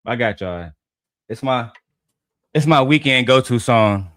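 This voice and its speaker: A man hosts a relaxed show and jokes with his chat in loose, profane banter. His voice is smooth and clean. He talks in a casual, playful way. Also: medium pitch, unhurried, dry recording, studio quality. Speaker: show host. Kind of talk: casual talk between sung songs.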